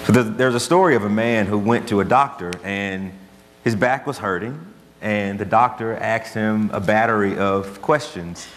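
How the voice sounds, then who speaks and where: A man's voice: fairly low pitch, moderate pace. A man preaching a sermon as pastor, earnest and conversational, telling stories to make his point. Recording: long hall reverb, faint hum.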